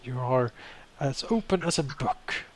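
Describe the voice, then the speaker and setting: Formal, guarded young male scholar, hushed and polite in a man's own voice, for a tabletop game. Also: mid-range voice, expressive, unhurried. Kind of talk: tabletop character voice.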